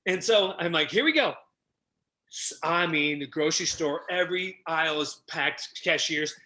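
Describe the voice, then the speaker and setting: High bright-voiced guy telling stories, super animated, acts out every line. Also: normal speed. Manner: energetic, acts out quotes with big pitch jumps. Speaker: podcast guest, relationship coach. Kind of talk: animated storytelling.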